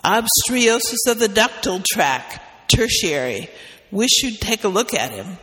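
A man's voice: high-pitched, very animated, a little slow, sharp tone, long reverb tail, pitched above the performer's own voice, full character voice, poor audio. A man voicing a haggard, anxious doctor who sounds strained and pleading. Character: worried, haggard male doctor.

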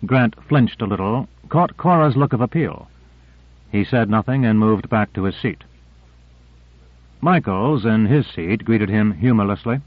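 Male audiobook narrator, measured, dry phone-thin audio. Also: on the low side, animated, no echo, narrow, tinny audio.

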